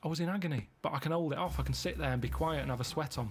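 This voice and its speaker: A man telling rambling anecdotes in a deadpan, plodding way during casual comic chat. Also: on the high side, racing, faint music behind. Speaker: co-host.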